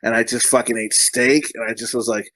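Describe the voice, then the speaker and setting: A man's voice: medium pitch, little pitch movement, fairly bright tone, no room sound. A man hosting a casual movie-review podcast, rambling, swearing freely and laughing often. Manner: profane, rambling and quick to laugh. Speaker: podcast host.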